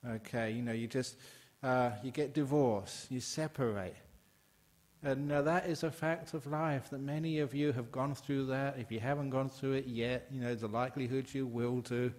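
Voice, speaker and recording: Humorous older English monk giving a talk. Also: male voice, steady tone, moderate pace, darkish tone. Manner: humorous, conversational, emphatic with sudden rises in pitch. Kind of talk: dharma talk to a live audience.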